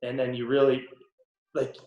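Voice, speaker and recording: A young man with a Boston accent, a guest in a casual interview, relaxed and rambling with many ums and restarts. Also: mid-range voice, normal speed, dull audio. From Boston area. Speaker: podcast guest, pro hockey player. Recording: roomy echo.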